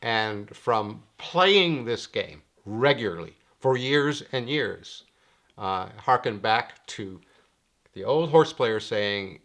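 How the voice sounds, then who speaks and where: Wry lecturing man explaining betting. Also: takes it slowly. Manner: wry, lecturing, lively swings in pitch. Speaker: handicapping teacher. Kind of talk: screen-share explainer monologue.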